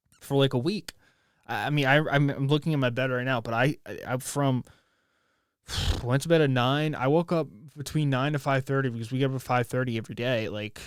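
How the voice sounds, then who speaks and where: An American man records a solo podcast at home near his bed, working through heavy feelings in a casual, halting monologue full of restarts and free swearing. His mid-range voice is clear and resonant, and the sound is dry and close with almost no room echo.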